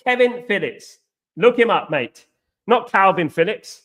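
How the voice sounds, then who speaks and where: A young man hosting a casual football live stream, greeting viewers by name and repeating himself, his voice going hoarse. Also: high-pitched, big pitch swings, unhurried, bright, forceful tone. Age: young adult.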